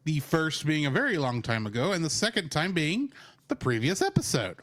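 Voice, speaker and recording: A young man co-hosting a podcast in casual chat, animated and teasing, quick to correct his friend. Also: fairly high pitch. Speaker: podcast co-host.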